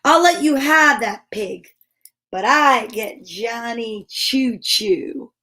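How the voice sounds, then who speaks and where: A woman's voice: fairly high pitch, expressive, takes it slowly, bright, forceful tone, exaggerated voice. A woman voicing a dramatic young boy who haggles over his toys, pleading and theatrical. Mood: bargaining.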